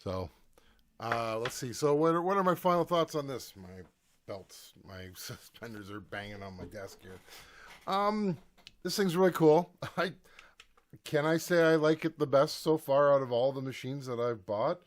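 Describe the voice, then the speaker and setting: A man's voice: medium pitch, lively intonation, normal speed. A man talking casually in a home recording vlog, thinking aloud as he demonstrates his gear at his desk.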